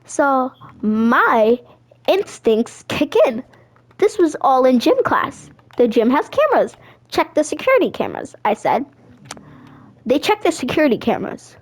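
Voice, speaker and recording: A teenage girl telling a sassy, animated story while chatting over her gameplay. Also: sits high, a little slow. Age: teens. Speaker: gaming vlogger.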